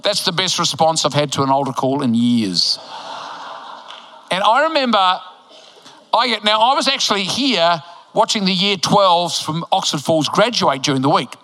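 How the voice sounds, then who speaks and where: A bright, high-pitched older man preaching in a church auditorium, from New Zealand. He delivers his sermon in an emphatic, animated way with playful joking asides. His voice rings out with long hall reverb. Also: normal speed. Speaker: pastor.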